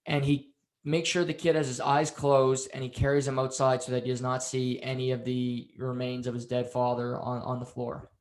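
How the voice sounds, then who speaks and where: A man's voice: mid-range voice, moderate pace. A man co-hosting a podcast, casually recapping a TV episode and acting out the characters' lines as he tells it. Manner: animated storytelling, acts out quotes. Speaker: podcast co-host. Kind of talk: casual show recap chat. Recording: roomy echo.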